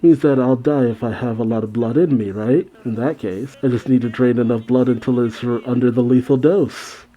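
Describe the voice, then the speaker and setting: A man voices a gloomy, laid-back soldier in an anime dub. He drawls in a languid, pessimistic way and sounds unbothered even while threatening. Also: medium pitch, normal speed, few pauses, muffled recording, close to an everyday voice.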